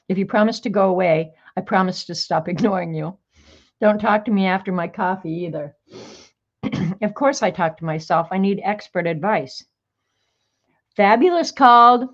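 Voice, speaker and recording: A woman reading sassy one-liners aloud to her viewers in a casual, chatty way, with small laughs in between. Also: lowish voice. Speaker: crafter sharing sayings on video. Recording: dull, lo-fi home video sound.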